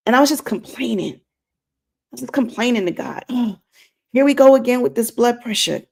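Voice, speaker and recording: An inspirational streamer talks to her viewers about faith, earnest and preachy and repeating herself to make her point. Her voice is on the high side and slightly rough with vocal fry, with lively intonation and a slightly quick pace.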